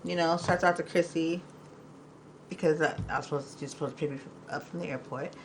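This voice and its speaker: A woman hosting a live podcast in casual chat, emotional and quick to laugh, talking in a loose, rambling way. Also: sits low, a little hiss or hum, low-quality recording. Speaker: podcast host.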